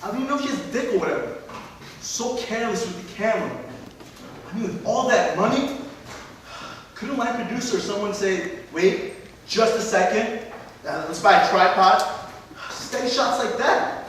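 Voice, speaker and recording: A man's voice: high voice, animated, moderate pace, long pauses, a bit bright. A man playing a ranting, scornful film snob. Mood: indignant. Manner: indignant, ranting, profane. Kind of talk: staged play reading. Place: large hall, live stage reading. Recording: echoey hall, mic far off, faint hiss.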